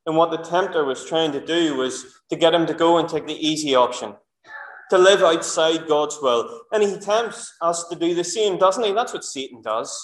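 A man's voice: fairly high pitch, fairly bright tone. A man preaching a sermon in church, earnest and asking the congregation rhetorical questions. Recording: echoey church room.

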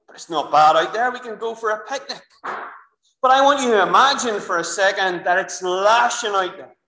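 A Northern Irish minister preaching through a clip-on mic, his high, bright voice ringing around a roomy church. He tells the story in a lively, chatty way, turning often to the children and the congregation. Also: normal speed. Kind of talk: sermon. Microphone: clip-on microphone. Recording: echoey church room.

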